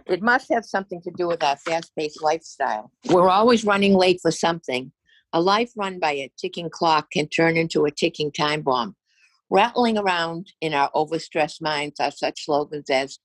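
A woman's voice: deep voice, moderate pace, no echo, rough recording. An older woman from Massachusetts reading her own humorous essay aloud with a wry, dry storytelling manner. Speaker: essay reader.

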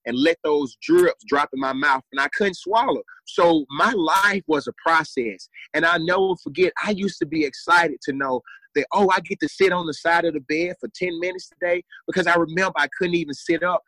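A man's voice: a little high, bright, forceful tone, no echo, poor audio. A young adult man telling his story as a guest, earnest and repeating phrases for emphasis. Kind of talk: motivational storytelling.

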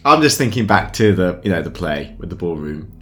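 A man with a deep, low voice plays a tabletop game, speaking quietly and easily. Faint music plays behind him. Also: big pitch swings, brisk. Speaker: player. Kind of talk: casual tabletop play.

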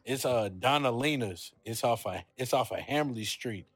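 Animated, swearing young man in banter. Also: mid-range voice, normal speed, dry recording. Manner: animated, loose and profane, laughs easily. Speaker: podcast guest. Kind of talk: casual chat.

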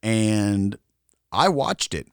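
A man's voice: on the low side, expressive, very slow, smooth, dry recording, studio quality. A man co-hosting a podcast, telling a story casually and laughing often as he goes. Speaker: podcast co-host.

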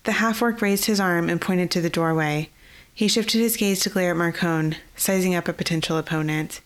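Author-narrator, woman, steady scripted fantasy storytelling, slightly low voice. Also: normal speed.

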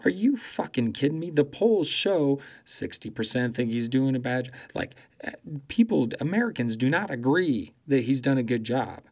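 A man doing a profane comedic political rant, swearing constantly, mocking loudly and laughing at his own jokes. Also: mid-range voice, sing-song, normal speed.

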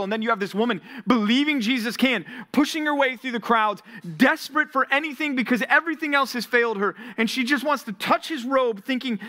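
Bright, animated male preacher. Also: very high voice, normal speed. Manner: animated storytelling, acting out Bible scenes. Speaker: pastor. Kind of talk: sermon to a college ministry.

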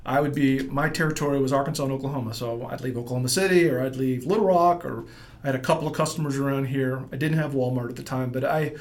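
A middle-aged man, an entrepreneur guest, telling a rambling, animated story in a casual interview and acting out what people said. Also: medium pitch, fast.

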